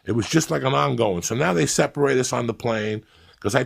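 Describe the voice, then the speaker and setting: A middle-aged man with a New York accent, telling a loud, profane story as a comedian. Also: medium pitch, lively intonation, fast, creaky, breathy edge. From New York City.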